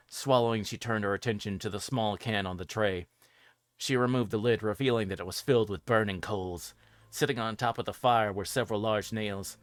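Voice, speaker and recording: A man, the host, reading a fan fiction horror story aloud in a steady, even narration. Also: lowish voice, normal speed, faint music behind.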